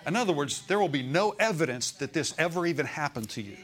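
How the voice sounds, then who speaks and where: A man's voice: on the high side, lively intonation, quick pace, a bit bright. Conversational male pastor preaching. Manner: conversational preaching, asks the congregation for agreement. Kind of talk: sermon. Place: church.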